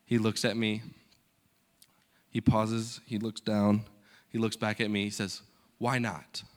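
A young man, a guest speaker at a church, telling a personal story in a sermon and acting out the dialogue with lively energy. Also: lowish voice, unhurried. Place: church stage.

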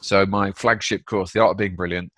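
A man, a guest author, telling stories in a blunt, energetic, chatty way with the odd swear word. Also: deep voice, fairly quick, no echo. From United Kingdom. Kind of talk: casual chat, storytelling.

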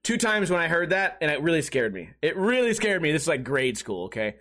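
A man's voice: a little high, very animated, a little fast, a bit bright. A man hosting a comedy podcast, telling crude, profane stories in a rambling, restart-filled way. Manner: crude, profane storytelling with laughter. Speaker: podcast host and streamer. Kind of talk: comedic casual chat.

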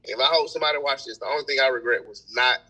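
A young man telling stories in a casual podcast chat, animated and full of slang. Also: medium pitch, very fast, slightly rough, poor audio. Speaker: event host and promoter.

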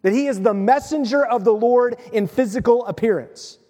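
Man, sermon, high-pitched, lively retelling, quiet hushed passages, echoing sanctuary. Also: moderate pace. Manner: animated storytelling, acts out voices, drops to a soft hush. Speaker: pastor.

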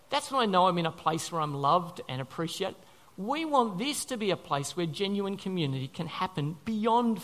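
A man delivers a sermon with a high voice that rises and falls widely. He is earnest, repeats key phrases and asks his listeners questions. His tone stays pastoral and emphatic.

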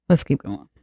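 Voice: medium pitch, darkish tone, husky, dry recording. Podcast host recapping a movie, swears a lot, jokes and snarks, dry close sound. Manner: profane, joking and sarcastic; acts out characters' lines in quick asides.

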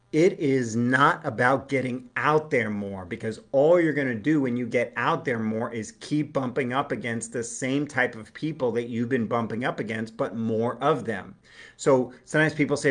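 A man's voice: mid-range voice, a bit bright. A man giving a live relationship coaching talk, earnest and explanatory, acting out short everyday dialogues.

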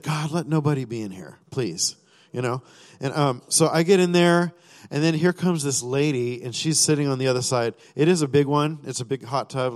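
A man sharing a personal testimony during a sermon, rambling with many fillers and restarts, and acting out his own thoughts and prayers. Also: medium pitch. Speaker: church speaker sharing a testimony. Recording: long reverb of a large hall.

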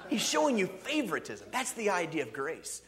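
Pastor type, male, slightly high voice with a lively, swooping delivery; preaches in a chatty, animated way. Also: brisk. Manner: animated, conversational preaching with frequent "see" and "okay". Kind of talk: sermon.

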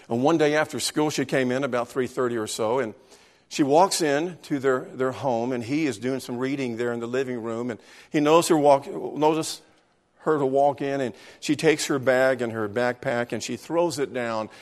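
A man preaching a sermon as pastor in church, earnest and emphatic, repeating key phrases for weight. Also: medium pitch.

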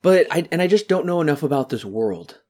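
A man co-hosting a podcast, chatting casually about a movie and mocking scenes with quick put-on voices. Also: fairly high pitch, big pitch swings, a little mellow. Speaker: podcast co-host. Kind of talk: casual movie review chat.

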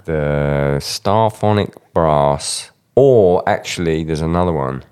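A man's voice: extremely low pitch, lively intonation, takes it slowly, darkish tone, clear, resonant tone. A man interviewing a drummer in casual, joking chat, swearing freely. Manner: swearing, joking, laid-back.

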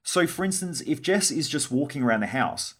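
A man's voice: a little high, expressive, fairly quick, a bit bright. A young adult man hosting a solo podcast monologue, blunt and swearing freely as he acts out quoted conversations. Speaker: podcast host.

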